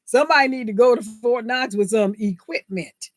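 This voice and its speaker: A woman hosts her own vlog, talking to viewers in a loose, indignant monologue. Her voice sits on the high side and she laughs as she talks, tossing out rhetorical questions. The sound is close and dry, with no room echo. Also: normal speed. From United States. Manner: animated, indignant, laughs mid-sentence, asks rhetorical "right?". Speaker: vlogger, channel host. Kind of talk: casual opinion monologue to viewers.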